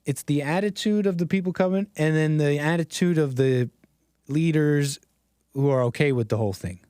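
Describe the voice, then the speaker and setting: A man talks through video clips in a loose, sarcastic ramble, often stopping to restart his sentences. His voice sits fairly high for a man. The sound is dry and close, with no room around it. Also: moderate pace, dark tone, clear, resonant tone, no room sound. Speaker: streamer commenting on videos. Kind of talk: casual commentary.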